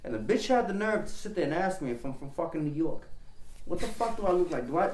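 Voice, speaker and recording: A man rambles through profane stories as a podcast guest, his voice sitting a little high. The room is echoey, with a faint hum of ambience behind him. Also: animated, fast, darkish tone. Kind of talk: casual podcast banter.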